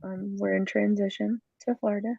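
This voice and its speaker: Woman guest on a video call, gravelly voice, bubbly and chatty, dull dry call audio. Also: mid-range voice, steady tone, moderate pace, no room sound. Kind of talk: casual livestream chat.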